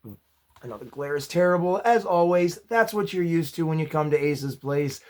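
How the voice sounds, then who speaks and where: Male vlog host, a touch high-pitched, hoarse from losing his voice, friendly rambling review style. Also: normal speed. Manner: chatty and upbeat, self-deprecating asides. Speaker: movie review channel host. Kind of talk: casual spoken movie review.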